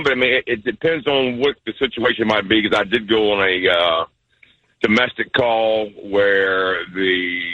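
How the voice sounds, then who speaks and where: Easygoing male caller, bright voice. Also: lowish voice, no room sound, highs cut off. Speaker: caller, EMT. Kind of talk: phone-in conversation.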